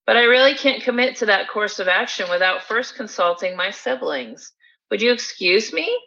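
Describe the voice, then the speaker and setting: Woman doing a timid little storybook billy goat, stammering and polite, bright tone, dull lo-fi. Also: on the high side, expressive, normal speed, husky, pitched above the performer's own voice, heavily acted. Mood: nervous. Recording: dull lo-fi recording.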